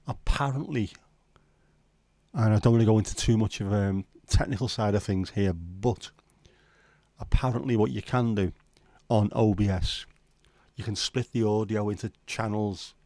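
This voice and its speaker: Scouse man chatting casually, low voice. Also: moderate pace, warm tone, dry recording. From Liverpool, England. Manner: rambling, chatty, sweary banter reading out chat. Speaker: livestream host. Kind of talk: casual livestream chat.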